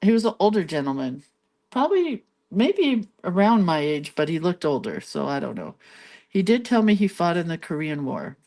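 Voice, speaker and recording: A woman's voice: fairly low pitch, big pitch swings, normal speed, warm tone. A woman hosting a craft channel, telling a rambling story in casual chat and laughing between lines. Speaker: lettering and doodling channel host.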